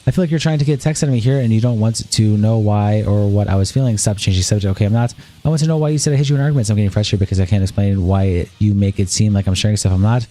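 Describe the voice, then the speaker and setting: A male streamer reading a long exchange of text messages aloud in a rapid, flat delivery. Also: on the low side.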